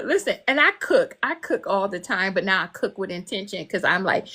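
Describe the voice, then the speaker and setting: A woman's voice: medium pitch, expressive, a little fast, hardly any pauses, pushed and bright, breathy edge. A woman guest author chatting on a podcast, emotional and candid, laughing often and swearing freely. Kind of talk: casual podcast chat.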